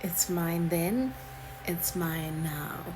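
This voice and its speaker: A woman putting on a smug male colonizer, speaking slowly and drawn-out in a mocking impression. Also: lowish voice, background noise. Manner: slow, drawn-out, possessive. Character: smug male British colonizer claiming land.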